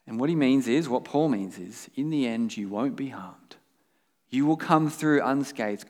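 A man's voice: mid-range voice, darkish tone, big-room sound. A man preaching a sermon as pastor, earnest and emphatic, asking his listeners rhetorical questions.

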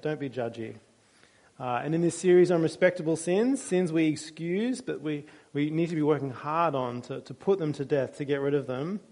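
A man's voice: on the high side, a little mellow. A male pastor preaching a sermon in a church, conversational and with dry humor.

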